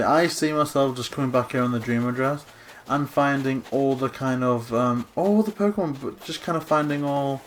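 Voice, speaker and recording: A man co-hosting a video, giving excited game commentary with gushing exclamations and gasps. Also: mid-range voice. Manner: gushing, gasping, breathless exclamations. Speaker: co-host touring a game island.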